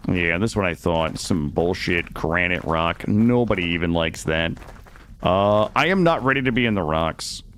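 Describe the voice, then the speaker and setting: A man streaming a game live, talking to his chat in a loose, joking, foul-mouthed ramble. His pitch swings up and down constantly with playful energy, recorded close on a studio microphone. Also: animated, normal speed, fairly bright tone, slight background noise. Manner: jokey, profane, chatty, talking to chat. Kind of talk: casual live gameplay commentary. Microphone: studio dynamic mic.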